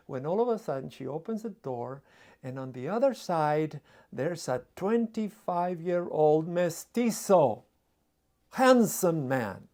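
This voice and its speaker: A man preaching a sermon, telling a story dramatically, with repetition and pauses. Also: a little high, big pitch swings, a little mellow.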